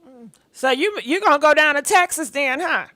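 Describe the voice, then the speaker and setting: A woman's voice: sits high, expressive, normal speed, a bit bright, no echo. A woman hosting a call-in show, chatty and encouraging, speaking straight to her listeners. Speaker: talk show host. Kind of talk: casual chat.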